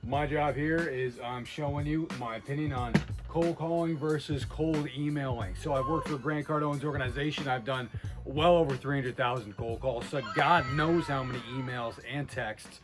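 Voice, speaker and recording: Blunt, energetic man talking sales. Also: mid-range voice, normal speed, music in the background. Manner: energetic, blunt, self-interrupting. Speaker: sales trainer. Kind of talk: casual whiteboard talk to camera.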